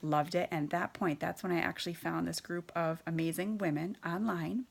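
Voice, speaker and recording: A woman's voice: fairly low pitch, steady tone, moderate pace, vocal fry. A woman in her thirties telling her own story in a candid, hesitant way, with many fillers and restarts. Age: 30s. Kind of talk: personal storytelling.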